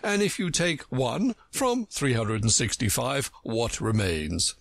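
A pompous, contemptuous egg of a know-it-all, as a man reading a storybook puts him on, lecturing with big swoops of pitch. The voice has a gravelly, husky grain. It is recorded dry. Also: slow pace, no room sound, full character voice. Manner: pompous, contemptuous, lively lilting delivery.

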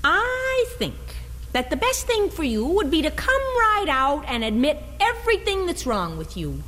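A woman's voice: high-pitched, sing-song, normal speed, fairly bright tone, big-room sound. A woman playing a bossy, know-it-all young girl who speaks in a condescending way.

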